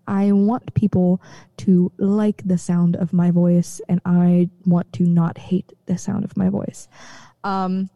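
A woman co-hosting a podcast in casual chat, animated and quick to laugh. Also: lowish voice, no echo, lo-fi sound. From rural area. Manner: chatty, laughs often, animated. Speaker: podcast co-host.

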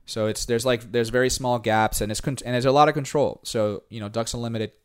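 Puerto Rican man, brisk and clear-voiced, loose code-switching storyteller. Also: medium pitch, steady tone. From born in New York, raised in Puerto Rico. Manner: switches between English and Spanish, many fillers, quotes others in raised voices. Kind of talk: casual bilingual chat.

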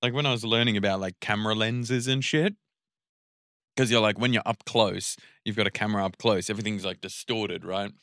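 A man with an Australian accent co-hosting a podcast, talking in animated, casual chat and swearing a lot. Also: lowish voice, brisk, no echo, clean studio sound. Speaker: podcast co-host.

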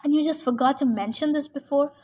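A woman's voice: sits high, a little fast, darkish tone, a little hiss or hum, natural voice. A woman voicing a blunt, intense teenage demigod girl. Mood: incredulous. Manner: blunt, questioning.

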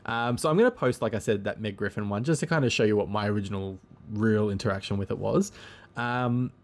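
A man's voice: lowish voice, fairly quick. A man hosting a casual solo podcast monologue, rambling and easygoing, with frequent ums and self-corrections.

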